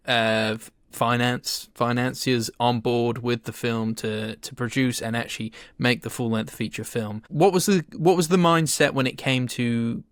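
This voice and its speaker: A man's voice: mid-range voice, a bit bright, no room sound, clean studio sound. A man hosting a film podcast, asking questions and affirming the guest's answers. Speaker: podcast host. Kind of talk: interview questions.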